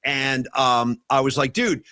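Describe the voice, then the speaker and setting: An animated man with a somewhat high voice hosts a casual podcast chat. He tells long stories and acts out his own yelling along the way. His voice sounds dry and close to the mic. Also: quick pace, no room sound. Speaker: podcast host.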